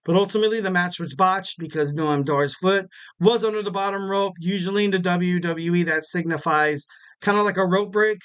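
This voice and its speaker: A young man hosts a casual wrestling recap podcast. His voice sits a bit high and comes across smooth and clean. He rambles through the action with fillers and little jokes at his own expense. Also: steady tone, a little fast, a bit bright. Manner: rambling, many fillers and self-corrections; jokey, laughs at himself. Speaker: podcast host.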